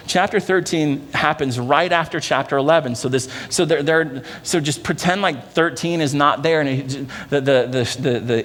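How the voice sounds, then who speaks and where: A man pastor preaching a sermon in an earnest, conversational way, often dropping low and soft to drive a point home. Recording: long church-hall reverb.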